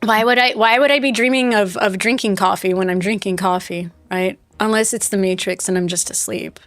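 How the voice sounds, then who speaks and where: A woman's voice: medium pitch, steady tone, fairly quick, a bit bright, no echo, faint music behind. A woman streaming a game live, telling a rambling story in casual chat and talking back to her viewers. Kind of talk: casual chat while playing.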